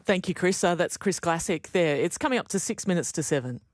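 An Australian woman presents a live breakfast radio show, moving between news reads and interviews. Her delivery is relaxed and unpolished, with small fillers. The studio mic sounds close and dry, with no room sound. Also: on the low side, a little fast, dry recording, soft background music.

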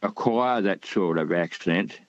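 A man's voice: low-pitched, a little slow, no echo, dull audio. A man from Australia calling in to a radio show, talking in a rambling, hesitant way with many fillers. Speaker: caller. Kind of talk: radio call-in chat.

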